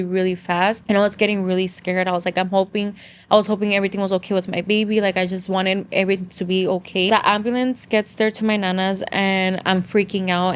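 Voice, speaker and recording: A woman's voice: medium pitch, clean tone. Woman guest switching between English and Spanish. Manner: mixes English and Spanish freely, many "like" fillers; earnest emotional retelling, near tears. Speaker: podcast guest. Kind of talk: casual storytelling chat.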